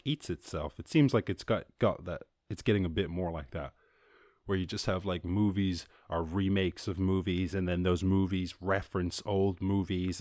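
Young Irish man, podcast host, low voice, dry close sound, rambling and swearing. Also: darkish tone, dry recording. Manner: rambling, swears freely, acts out quotes in a higher voice. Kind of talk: casual solo podcast monologue.

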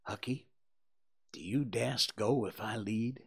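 A bold, adventurous boy, put on by a male audiobook reader. He speaks in short, plain lines, often hushed and urging. The reading is unhurried. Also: fairly low pitch, vocal fry, slightly rough, full character voice. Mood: whispering. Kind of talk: audiobook character voice.

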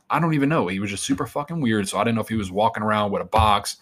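A man with a somewhat low voice tells a story from his own life as an interview guest. He talks casually and rambles, swearing freely. He turns animated as the story builds. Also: quick pace.

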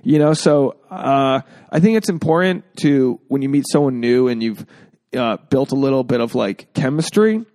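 A man's voice: mid-range voice, animated, moderate pace, warm tone, dry recording. A man hosting a casual podcast, joking freely and acting out quotes in exaggerated voices. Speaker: podcast host.

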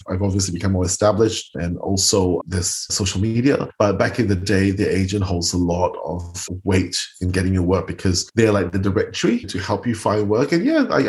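A man's voice: sits low, darkish tone. A man, a makeup artist guest telling stories dramatically and acting out what people said. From Singapore. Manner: dramatic, acts out quotes in voices. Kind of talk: animated storytelling interview.

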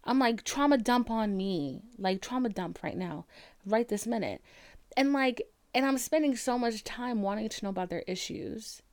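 A woman's voice: fairly high pitch, normal speed, darkish tone, no room sound. A young adult woman hosting her own podcast, talking frankly and mocking herself, swearing often and filling her talk with "like". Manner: frank, self-mocking, profane, with lots of "like" fillers. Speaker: podcast host. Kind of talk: candid solo podcast monologue.

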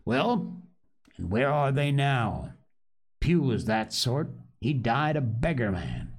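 A man's voice: mid-range voice, big pitch swings, slow pace, husky, voice pushed up, exaggerated voice. Man playing Long John Silver, scheming pirate. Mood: mocking. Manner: growling pirate dialect, lecturing. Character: old one-legged pirate cook, sly and scornful.

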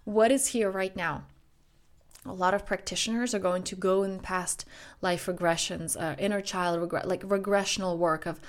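A woman coaching listeners in a podcast monologue, her voice sitting at an ordinary middle pitch. She talks earnestly and fluidly, circling back over her phrases, and slows into a guided breathing exercise. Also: fairly even intonation. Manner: flowing, earnest, repetitive phrasing. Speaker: self-growth coach.

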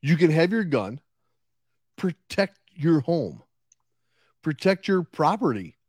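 Podcast co-host, male, fired-up and foul-mouthed, lively delivery, dry close mic. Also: on the high side, takes it slowly, husky, no room sound. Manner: profane, gets worked up and ranting. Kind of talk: casual chat.

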